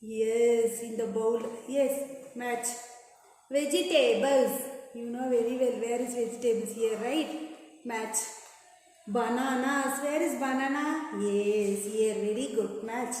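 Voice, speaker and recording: Lady teacher, high voice, slow and patient with little kids, keeps repeating stuff, big echoey reverb. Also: fairly even intonation, darkish tone. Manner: patient, repeats questions and prompts the children. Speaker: grade-one English teacher. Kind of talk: classroom lesson for young children. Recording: very echoey room with long reverb.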